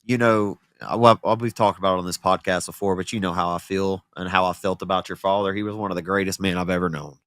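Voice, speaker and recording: A man's voice: low voice, steady tone, quick pace, few pauses, fairly bright tone, no echo. A man co-hosting a podcast in casual chat, emotional and close to tears, heartfelt and stumbling over his words. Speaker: podcast co-host and race announcer.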